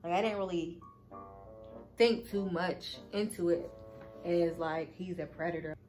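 A woman's voice: lowish voice, measured pace, a little mellow, soft background music, rough recording. A woman telling a casual storytime to her viewers, chatty and swearing freely as she talks to them. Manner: chatty, cursing freely, addresses viewers as y'all. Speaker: vlogger.

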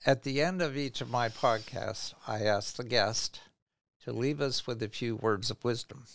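Man, podcast host, slow halting speech, gravelly, dry sound. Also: medium pitch, no echo. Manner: slow, halting, gentle questions. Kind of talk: interview.

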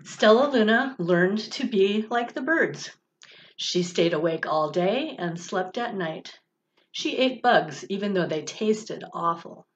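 A woman, a church's director of religious education, reading a picture book aloud for children in a gentle, expressive way. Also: mid-range voice, slow pace, slight background noise. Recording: dull lo-fi recording.

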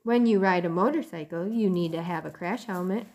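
A woman voicing an eager, earnest young boy in a storybook reading, pitched up above her own voice. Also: brisk, darkish tone. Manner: eager, earnest, a bit reproachful.

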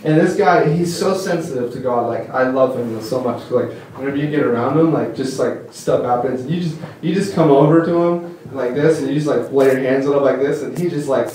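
A man's voice: medium pitch, fairly quick, hardly any pauses, a little mellow, slight background noise. A young man giving a casual, rambling sermon at a conference, full of fillers and enthusiastic stories. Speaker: conference speaker. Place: church hall. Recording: echoey hall from far off.

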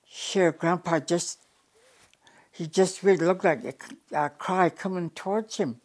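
An older woman from the Yukon, Canada, with a notably low, darkish voice shares an old family story as an elder in the oral storytelling tradition. She speaks plainly at a measured, unhurried pace, often going back over her words and restarting phrases.

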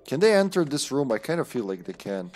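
A man's voice: medium pitch, sing-song, brisk, a little mellow. A man streaming a game live, commenting with jokes, frequent swearing and laughter. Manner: joking, swearing, laughing often.

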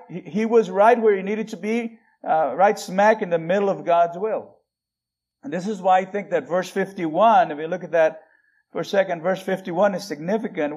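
Middle-aged guy preaching, pretty high voice, earnest, keeps restarting sentences and stretching words out. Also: a little mellow. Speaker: pastor. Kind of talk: sermon.

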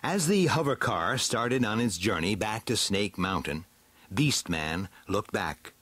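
A man reading a storybook aloud with a slow, dramatic, swooping delivery. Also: on the low side, animated, fairly bright tone, breathy edge, no room sound. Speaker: narrator.

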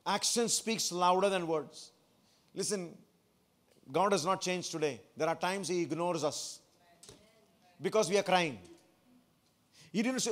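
A man's voice: high-pitched, expressive, moderate pace, long pauses. A man, a pastor, preaching a sermon to his church, asking the congregation questions and repeating phrases for emphasis.

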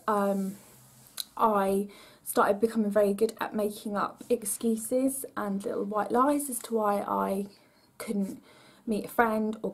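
A young woman telling her own story in a personal vlog, hesitant and emotional, with many pauses and restarts. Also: on the high side. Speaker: vlogger.

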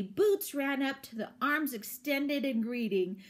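A woman, a teacher, reading a children's book aloud with expressive storytelling. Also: sits high, slow pace, few pauses, a little hiss or hum.

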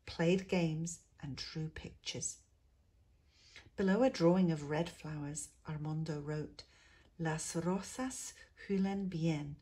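A woman reads a children's picture book aloud, taking her time over every phrase. Her low, slightly husky voice turns hushed and soft in the quiet passages. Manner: expressive, drops to a hush in quiet moments. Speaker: teacher reading to pupils. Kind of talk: storybook read-aloud.

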